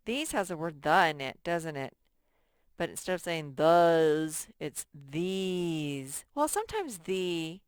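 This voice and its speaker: A woman leads a sight-word lesson for first graders, speaking slowly and stretching each word out for the children. Her voice is smooth and clear, set a touch low, and recorded close and dry. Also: lively intonation, no room sound. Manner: drawn-out, emphatic word modeling and repetition.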